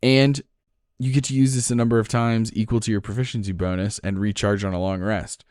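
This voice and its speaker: A man with a New Jersey accent, co-hosting a podcast and explaining game rules in casual, excited chat, swearing freely. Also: lowish voice, fairly quick, no echo, clean studio sound. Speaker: podcast co-host.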